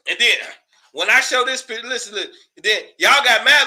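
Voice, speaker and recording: Guy ranting on his show, high voice, real bright and sharp, cussing and cracking up. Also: animated, unhurried. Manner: loose, profane, laughing often, repeats words when worked up. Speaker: commentary show host. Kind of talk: casual ranting commentary.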